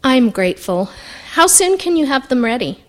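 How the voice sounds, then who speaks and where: A woman voicing a polite, gentle widowed mother in a storybook reading. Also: high-pitched, big pitch swings, normal speed, pitched above the performer's own voice.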